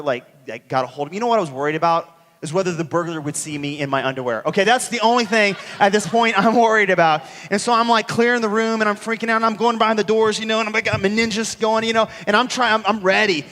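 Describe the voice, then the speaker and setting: A male pastor preaching a sermon, telling a personal story with lively acted-out dialogue. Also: high-pitched. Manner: animated storytelling, acts out dialogue. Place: church sanctuary. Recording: church hall reverb.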